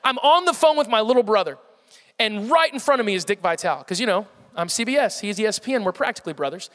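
A young man giving a comic storytelling talk to a live audience, animated and self-mocking with playful exaggeration. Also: high voice, fast. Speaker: speaker addressing a live audience. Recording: long hall reverb.

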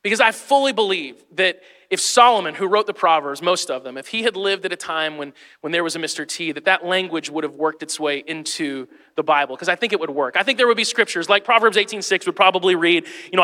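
A man in his forties preaches with a high, bright, ringing voice. He jokes and calls out to his congregation as he teaches. The sound carries a long reverb from a church hall. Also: quick pace. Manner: lively, joking, talks straight to the congregation. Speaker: pastor. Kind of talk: sermon.

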